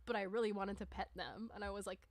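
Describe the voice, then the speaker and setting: A woman's voice: medium pitch, fairly even intonation, fast, no room sound. A woman chatting casually on a livestream, rambling and peppering her talk with "like.". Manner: rambling, chatty, many "like" fillers. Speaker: livestreamer and musician.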